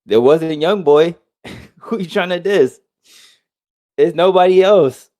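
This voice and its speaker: Man, podcast co-host, heated rant, profane, loud outbursts. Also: on the high side, slow. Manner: heated, profane, swings between loud outbursts and mock quotes.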